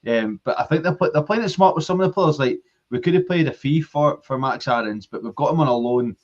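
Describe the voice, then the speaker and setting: A man's voice: medium pitch, brisk, muffled recording. A man with a Scottish accent, co-hosting a casual football fan podcast, arguing his point passionately in long runs. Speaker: podcast co-host.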